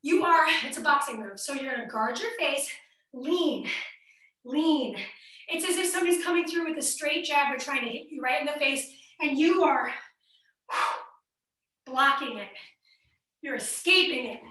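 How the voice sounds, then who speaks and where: Bright, high-pitched woman coaching a workout. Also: normal speed, long pauses. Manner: upbeat, counts reps aloud and coaches form. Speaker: fitness instructor. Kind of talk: live online workout class cueing. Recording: echoey room, mic at a distance.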